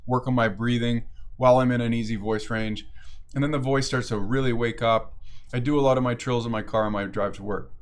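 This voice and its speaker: A man's voice: mid-range voice, steady tone, fairly quick, a little hiss or hum. A man coaching voice technique in a casual lesson, explaining with frequent restarts and self-corrections.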